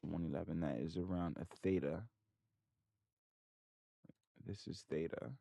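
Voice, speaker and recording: A man's voice: deep voice, fairly even intonation, a little slow, creaky, dark tone, no room sound. A man hosting a trading channel, thinking aloud over his charts and muttering in frustration at his computer. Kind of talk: casual screen-share commentary.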